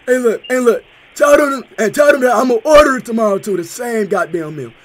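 A man's voice: very high-pitched, lively intonation, brisk, slight background noise. A young man faking a cursing, chicken-crazed dad on the phone. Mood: rowdy. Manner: loud, crude, cursing, insistent. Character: brash swearing middle-aged dad raving about chicken. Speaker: prank caller.

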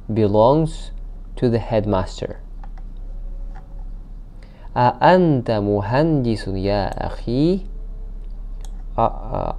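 Mellow-voiced man teaching a language. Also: fairly low pitch. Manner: reads each Arabic sentence, then translates it slowly with hesitant fillers. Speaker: Arabic teacher. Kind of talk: recorded language lesson.

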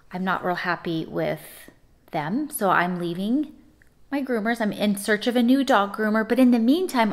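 A middle-aged woman chatting casually to camera at home as a vlogger, talkative and quick to break into laughter. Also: mid-range voice.

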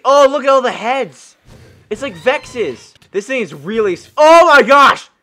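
A man with a high, bouncy voice gives gameplay commentary that keeps jumping into yelps and shrieks of surprise. His tone is bright and sharp, and he talks into a desk mic at home. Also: animated, unhurried. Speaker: gaming YouTuber.

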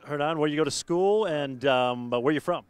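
A man hosting quick sports interviews, asking friendly, chatty questions. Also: a little high, clear, resonant tone, no echo. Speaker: host.

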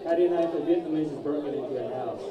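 A man in a band, telling crude jokes deadpan between songs into the PA at a small club. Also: a little high, rapid-fire, highs cut off. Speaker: band member on stage. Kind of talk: stage banter telling jokes. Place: small live music venue, indoors. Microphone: stage PA heard from the audience. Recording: echoey club, taped far from stage. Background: loud crowd.

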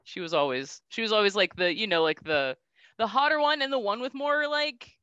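Co-host, female, bright tone, dry close mic, animated and gushing. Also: medium pitch, brisk, clear, resonant tone, dry recording, lo-fi sound. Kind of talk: casual chat.

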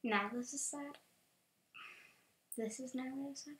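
A woman hosting a let's play with gameplay commentary, excitable and swinging from quiet muttering to loud shouts. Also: sits high, measured pace. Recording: roomy echo.

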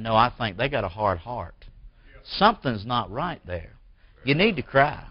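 A man preaching a sermon as pastor in a church. He swings from forceful bursts to quiet, hushed lines. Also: medium pitch, big pitch swings, moderate pace, dry recording, highs cut off. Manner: preaching with rising emphatic bursts and drops to near-whisper.

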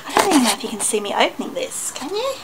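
An Australian woman filming a casual unboxing vlog at home, gushing with excitement, gasping and squealing as she talks to a handheld camera. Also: a little high, very fast. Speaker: vlogger. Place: at home, partly outdoors by the driveway. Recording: noisy home camera recording.

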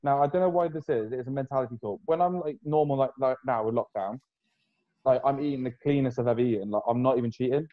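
A man's voice: mid-range voice, quick pace, phone-quality sound. A young man chatting casually on a podcast, rambling loosely and swearing freely. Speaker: podcast host, fitness coach. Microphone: video call.

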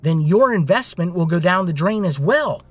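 A man's voice: high-pitched, very animated, unhurried, slightly rough, faint music behind, pitched above the performer's own voice, heavily acted. A man reading a story voices an angry young businesswoman in a raised, strained tone. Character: furious young businesswoman, scolding.

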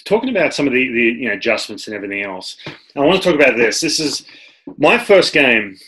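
A man's voice: mid-range voice, quick pace, a little hiss or hum. A man with an Australian accent hosting a casual interview and telling stories animatedly, often restarting his sentences. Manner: animated storyteller, many restarts. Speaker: podcast host and former pitcher.

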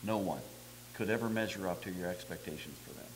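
A man's voice: low voice, fast talker, noisy background. A man preaching a sermon as pastor, in a conversational, folksy manner with self-deprecating humor, acting out the dialogue of the story.

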